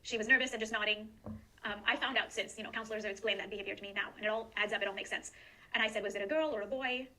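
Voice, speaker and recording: A woman's voice: mid-range voice, steady tone, very fast, bright, forceful tone, low-quality recording. A mother giving an earnest, emotional personal statement about her family. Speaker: guest in a recorded statement. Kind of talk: personal testimony.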